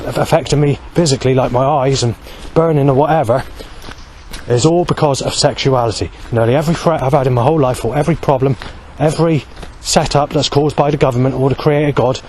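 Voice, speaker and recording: A middle-pitched man in his forties delivers a rambling, aggrieved monologue outdoors beside a road. He restarts and repeats himself as his thoughts tumble out. A faint hum of passing traffic sits underneath. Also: a little fast, darkish tone, rough recording. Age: 40s. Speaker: vlogger.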